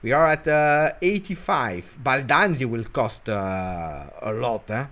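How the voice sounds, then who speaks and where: A man hosting a casual football talk show, animated and teasing, jumping between loud bursts and quiet mutters. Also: medium pitch, slow pace. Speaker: football channel host. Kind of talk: casual live commentary.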